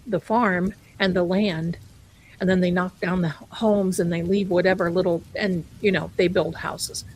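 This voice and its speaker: Over a low-quality recording with a bit of background noise, a woman hosts a casual live stream of ghost stories, addressing her viewers as "my darling." Her voice is fairly low in pitch, with a darkish tone, and her manner is chatty.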